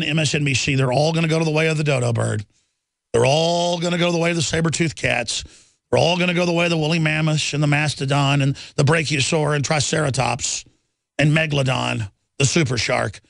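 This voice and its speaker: A man's voice: fairly high pitch, vocal fry, fairly bright tone, no room sound, studio quality. A man, hosting a talk radio show in a combative, taunting rant.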